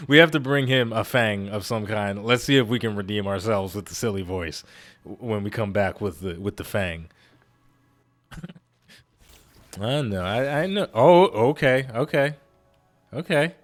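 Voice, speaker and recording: Low-voiced man rambling over gameplay. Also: measured pace, pauses often. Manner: rambling, self-deprecating, laughs often. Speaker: gaming YouTuber. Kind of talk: casual let's-play commentary.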